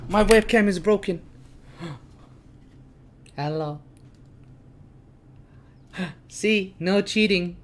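Slow-talking excitable woman streamer. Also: medium pitch, slight background noise. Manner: excitable, swearing, bursts into panicked shouting. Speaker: game streamer. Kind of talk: live gameplay commentary.

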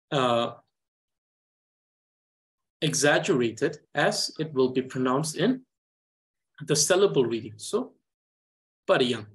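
A male language teacher with a Tibetan accent, talking at an unhurried, deliberate pace. He explains how syllables are pronounced, repeats each sound several times, and pauses often, like a tutor drilling students. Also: on the high side, a bit bright. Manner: patient, repeats syllables slowly for students to follow. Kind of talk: reading lesson with repeated drills.

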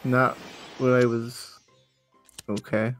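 Deadpan gamer man. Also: mid-range voice, takes it slowly, soft background music. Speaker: friend playing along. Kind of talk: casual gameplay chat.

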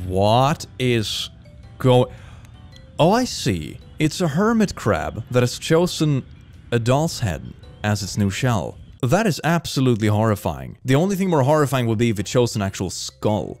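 A man hosting a casual reaction video, chatting and laughing his way through clips. His mid-range voice jumps around animatedly with quick exclamations. Soft music sits faintly in the background. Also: medium pitch, big pitch swings.

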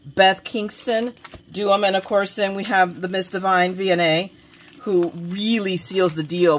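A woman's voice: on the low side, slight background noise. Brief: woman craft vlogger, chatty, rambling, self-deprecating, filming herself at home. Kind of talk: casual show-and-tell of craft supplies.

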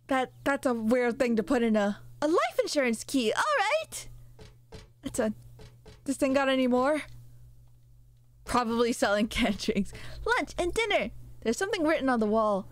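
Woman streaming a game, playful and profane, chatty, fairly high pitch. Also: sing-song, a little slow, long pauses. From United States. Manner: playful, joking, swears freely. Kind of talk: casual gaming stream chat.

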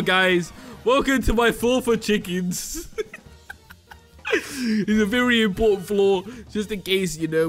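A high-pitched young man narrates his game pranks in a giggly, mischievous way. Faint music plays underneath his voice. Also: a bit bright. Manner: giggly, mischievous, laughs often. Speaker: Minecraft YouTuber. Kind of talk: casual gameplay commentary.

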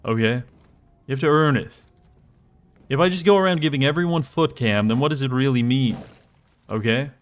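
A young man streaming a game, chatting casually with jokes and sudden excited exclamations as he plays. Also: mid-range voice, moderate pace, pauses often. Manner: rambling, joking, bursts into excited exclamations. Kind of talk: casual live gameplay commentary.

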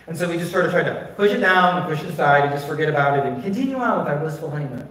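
A man pastor with a fairly high voice tells personal stories from the pulpit in a candid, conversational way, leaning on casual filler words. He sounds far from the phone that records him, and the big sanctuary rings with heavy echo. A faint hiss of noise sits under the sound. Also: animated, very fast, hardly any pauses, fairly bright tone. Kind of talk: personal storytelling sermon. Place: church sanctuary. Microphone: phone recording from a distance. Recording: distant, very echoey phone stream of a church.

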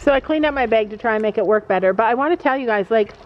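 A woman's voice: a little high, expressive, racing. A middle-aged mother vlogging casually at a horse barn, chatty and rambling with lots of fillers. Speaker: mom vlogger. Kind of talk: casual vlog chat. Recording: dull lo-fi camera audio.

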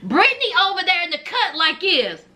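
Woman, sassy reality-show recapper: high, bright voice, swoops up and down as she gossips. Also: huge pitch swings, a little fast. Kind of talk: animated show recap commentary.

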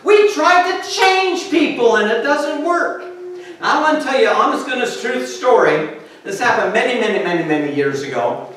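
An older male pastor preaching a sermon, an animated storyteller who laughs and acts out voices. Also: extremely high pitch, moderate pace, a little hiss or hum. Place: church sanctuary. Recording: echoey church recording from far off.

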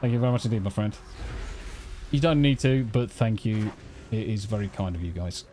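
A man's voice: fairly low pitch, fairly even intonation, a little fast, dark tone, slight background noise. A man streaming a game, chatting casually, swearing and teasing while thanking viewers. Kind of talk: casual live-stream chat. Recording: faint music behind.

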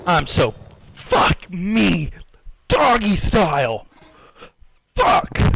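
Man, gamer, high voice, unhurried delivery, loud, swearing, live gameplay commentary. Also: huge pitch swings, creaky, background noise. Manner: loud, swearing, yelling in frustration. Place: apartment at home.

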